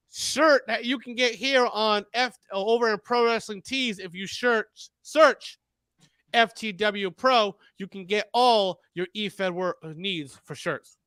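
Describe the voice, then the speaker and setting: A man giving excited, rambling play-by-play commentary on a wrestling match, often tripping over his words. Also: sits high, slow pace, clear, resonant tone, dry recording.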